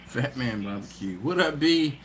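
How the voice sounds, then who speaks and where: A man's voice: medium pitch, animated, unhurried, slight background noise. Chatty barbecue live-stream host, a man. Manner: laid-back and chatty, laughs often, trails off and restarts. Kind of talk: casual live-stream chat, reading viewer comments.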